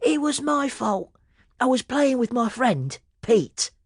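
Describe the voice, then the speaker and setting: A man voicing a small cheeky neighbour boy with an eager, high voice. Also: big pitch swings, slow, breathy edge, exaggerated voice. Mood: apologetic.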